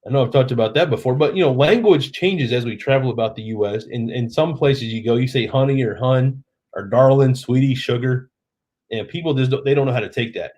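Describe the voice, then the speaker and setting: He's a middle-aged man with a Southern Oklahoma accent, slightly drunk, hosting an easygoing live stream late at night from home and reading what viewers write. His voice sits in the mid range, moves fairly quickly, and carries a little mellowness.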